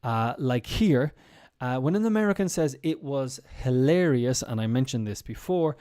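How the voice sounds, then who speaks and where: A man teaching English in a relaxed live-streamed chat, his voice warm and mellow at a middle pitch. He talks through each point step by step, often pausing on ums and restarting his sentences. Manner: explanatory, with frequent ums and restarts. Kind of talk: casual live-streamed lesson.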